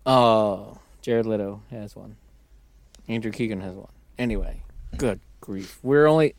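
A man's voice: lowish voice, a little slow, no room sound. A man co-hosting a podcast, chatting casually in a joking, crude way with bursts of animation. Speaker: podcast co-host. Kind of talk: casual chat.

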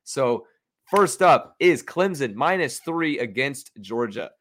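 A man's voice: mid-range voice, animated, slow, a bit bright. Chatty young man picking football bets. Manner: chatty, confident, self-mocking. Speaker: sports betting podcast host. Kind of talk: casual solo commentary.

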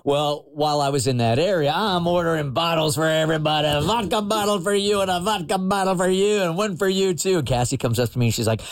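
A man hosting a morning radio show, telling stories in a relaxed chatty way and checking in with "right?". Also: fairly high pitch, quick pace, few pauses, dry recording, clean studio sound. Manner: laid-back storytelling with frequent "right?". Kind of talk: casual morning radio chat.

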